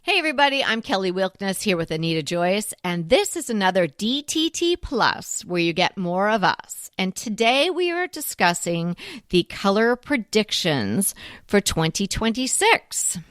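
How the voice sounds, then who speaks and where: A woman's voice: mid-range voice, sing-song, normal speed, fairly bright tone, no room sound, studio quality. A woman co-hosting a home decorating show, talking in a casual, musing way with fillers. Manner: chatty, musing, with fillers and laughs. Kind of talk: casual conversational chat.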